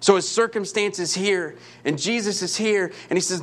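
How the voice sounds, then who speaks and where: Impassioned high-voiced male preacher. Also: normal speed, few pauses. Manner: impassioned, emphatic repetition, rhetorical questions. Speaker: pastor. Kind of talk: sermon.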